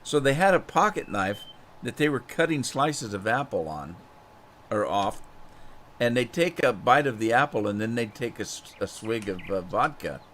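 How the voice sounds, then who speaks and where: A man's voice: medium pitch, big pitch swings, moderate pace, a bit bright, slight background noise. A man streaming a farming game, telling a rambling anecdote with chuckles and repeated words, then greeting viewers in chat. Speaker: gaming streamer. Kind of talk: casual storytelling while gaming.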